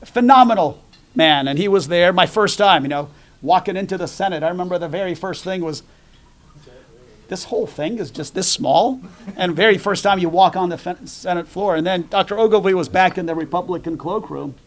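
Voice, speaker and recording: Gravelly man giving an after-dinner talk. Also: high-pitched, fairly quick. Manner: conversational, jokey storytelling with fillers. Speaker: dinner program speaker.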